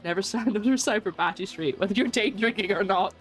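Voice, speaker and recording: Here the streamer's voice sits in the mid range and moves a little quickly. Playing a video game, she keeps up relaxed, chatty let's-play commentary, giggling frequently and mocking herself.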